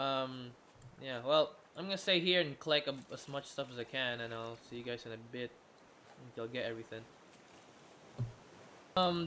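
A man's voice: mid-range voice, fairly bright tone, a little hiss or hum. A tired man giving rambling gameplay commentary, often restarting his sentences and swearing casually. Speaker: gamer.

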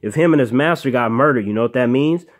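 A man's voice: mid-range voice, fast. Brash swaggering male storyteller. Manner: brash, swaggering, heavy swearing. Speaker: storyteller host. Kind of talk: profane comic storytelling.

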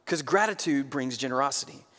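A man in his thirties preaching a sermon, telling stories in a conversational way and dropping to a quiet voice for emphasis. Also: medium pitch, expressive, brisk, in a large hall. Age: 30s. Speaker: pastor.

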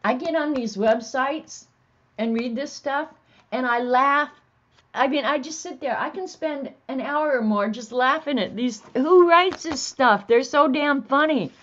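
A woman's voice: high-pitched, unhurried, fairly bright tone, lo-fi sound. A woman hosting a casual livestream, chatting to viewers and laughing easily as she reads funny bits aloud. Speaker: host.

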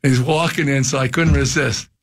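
An older man, a radio show guest, telling casual stories in an animated way, his voice jumping high when he acts out shouts. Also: moderate pace. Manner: animated storyteller, jumps high for quoted shouts. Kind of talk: casual storytelling chat. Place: radio studio.

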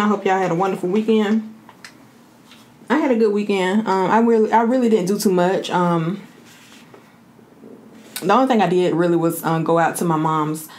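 A woman's voice: medium pitch, darkish tone, a little hiss or hum. A woman hosting her own vlog, chatting casually and informally with her viewers. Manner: chatty, informal, often addresses viewers as y'all. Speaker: vlogger host. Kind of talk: casual chat to camera.

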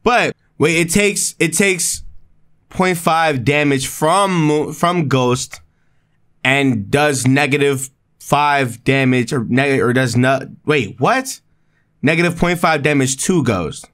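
A young man giving excited, slangy commentary while playing a video game, jumping up in pitch when he reacts. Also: slow pace. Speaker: gaming video creator. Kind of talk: excited let's-play commentary.

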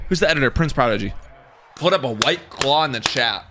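A young man commentating his own live game stream, cocky and hyped, trash talking and yelling at the game. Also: medium pitch, expressive, fairly quick, slight background noise.

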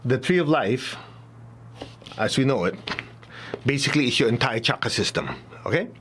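A man's voice: medium pitch, sing-song, normal speed, fairly bright tone, a little hiss or hum. A man teaching a spiritual class in a loose, chatty way, often laughing and acting out little examples. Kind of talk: casual talk to a class.

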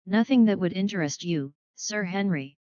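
A woman doing a gentle elderly spinster lady. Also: mid-range voice, lively intonation, normal speed, no room sound, dull audio, natural voice. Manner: modest, rambling, softly spoken.

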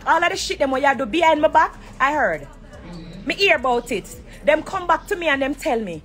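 A woman's voice: high voice, sing-song, brisk, fairly bright tone. A woman with a Jamaican accent, ranting heatedly on a live stream from a corner of an airport. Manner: heated and confrontational.

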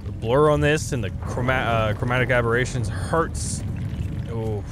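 A young man giving casual, excitable gameplay commentary, often swearing and saying dude. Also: mid-range voice, normal speed, heavy background noise. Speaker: let's play gamer. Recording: game music playing behind.

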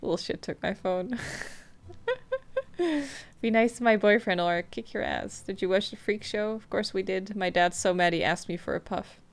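A woman playing a video game, reading the on-screen text messages aloud in a flat, quick way between casual comments. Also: mid-range voice. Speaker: gameplay streamer. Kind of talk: casual let's-play commentary.

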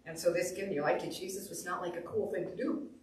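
A woman pastor preaching a sermon, telling stories with animated delivery and acting out quotes. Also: on the low side, quick pace, far from the mic. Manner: animated storytelling, acts out quotes. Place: church sanctuary. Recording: echoey room, voice off the mic.

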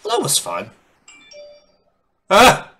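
Bright, playful man commenting on gameplay. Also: sits high, wildly swooping pitch, slow. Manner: playful, chatty, reacts aloud. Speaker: let's play host.

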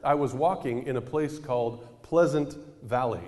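A man's voice: mid-range voice, normal speed. A man preaching a sermon in a casual storytelling way, acting out the people in his anecdotes. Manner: animated storyteller, acting out quoted voices. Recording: reverberant hall.

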